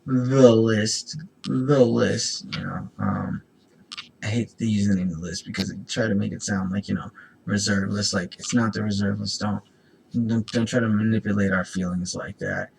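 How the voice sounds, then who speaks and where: A man with a low, gravelly voice and a husky rasp, chatting casually as he opens trading card packs. His throat is itchy. He reads the card text aloud and keeps wandering off into asides. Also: steady tone, normal speed, a little mellow, rough recording. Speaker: host. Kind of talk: casual card-opening chat.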